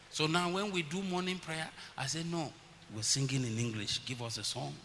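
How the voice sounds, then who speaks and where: A man's voice: mid-range voice, animated, a little fast, fairly bright tone. A middle-aged man preaching a sermon as pastor, telling family stories and acting out his children's voices. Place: church hall. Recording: long church reverb, faint hiss.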